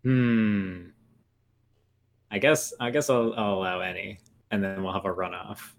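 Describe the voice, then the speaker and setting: A man's voice: on the low side, steady tone, measured pace, creaky. A man co-hosting a podcast in casual chat, playful and joking, laughing often. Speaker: podcast co-host.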